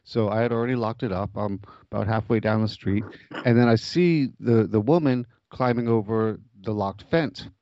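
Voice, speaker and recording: A man's voice: on the low side, moderate pace, dry recording, highs cut off. Rambling man telling stories. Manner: rambling, lots of restarts, laughs at own jokes. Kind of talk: casual chat, storytelling.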